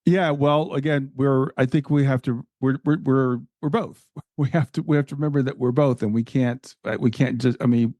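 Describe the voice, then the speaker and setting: A man's voice: mid-range voice, fairly even intonation, normal speed, hardly any pauses, mellow, no echo. A man hosting a podcast interview, speaking earnestly and often restarting his sentences. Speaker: podcast host.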